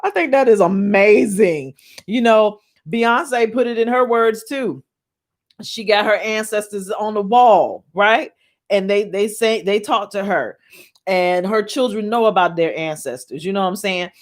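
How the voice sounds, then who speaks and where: A woman talks straight to her listeners from home, chatty and excited. She often breaks into laughter and calls them "y'all." She sits at a middling pitch for a woman and teaches as she goes. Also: measured pace. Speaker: spiritual podcast host. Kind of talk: casual chat, reading aloud and teaching. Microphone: camera in her home.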